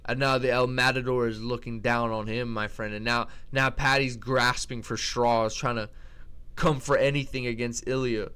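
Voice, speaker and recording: Guy ranting about fighters, smooth resonant voice, blunt and slangy, keeps restarting. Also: medium pitch, little pitch movement, moderate pace, a bit bright. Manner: blunt, slangy, trash-talking, with lots of restarts. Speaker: MMA commentator ranking fighters. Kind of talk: casual opinionated commentary.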